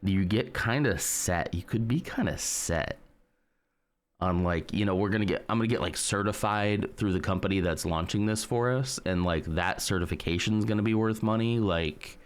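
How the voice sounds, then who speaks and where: A man's voice: on the low side, normal speed. A man streaming live, chatting casually and rambling as he reads and answers his chat.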